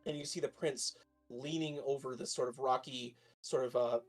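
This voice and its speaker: A man narrating as game master of a tabletop game, talking in a halting way with many fillers, over a stream with faint music behind. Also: mid-range voice, fairly even intonation.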